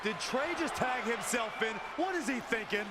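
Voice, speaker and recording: A man's voice: very high-pitched, expressive, normal speed. An actor playing a sarcastic male wrestling commentator calling a match in a video game. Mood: snide. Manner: sarcastic, mocking. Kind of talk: scripted play-by-play commentary. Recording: loud arena crowd and game noise.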